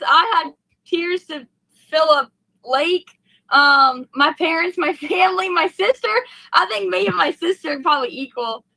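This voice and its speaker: Gushing young woman, high and bright. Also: vocal fry, no echo, poor audio. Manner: gushing, breathless and heartfelt, rambling with fillers. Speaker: race car driver, interview guest. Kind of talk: emotional post-race interview.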